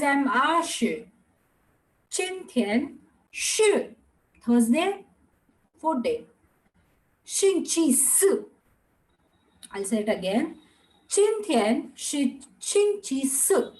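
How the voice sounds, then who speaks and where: Woman language teacher, high voice, unhurried, drawn-out drills, drops into Hindi and Gujarati asides. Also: poor audio. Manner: slow, drawn-out model pronunciation with repeat-after-me drills. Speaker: Mandarin teacher. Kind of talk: online language lesson.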